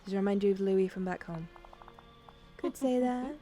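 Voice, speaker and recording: A woman's voice: mid-range voice, normal speed, dark tone. A woman streaming a game, chatting casually, swearing freely and reading dialogue aloud. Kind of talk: casual gaming stream chat. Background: faint game music.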